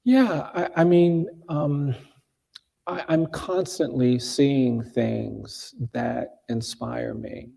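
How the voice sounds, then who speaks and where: A man speaking as a guest at a live event, telling a story in a measured, deliberate way with pauses. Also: mid-range voice, gravelly, dark tone. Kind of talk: earnest storytelling in a live conversation. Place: event hall before a live audience.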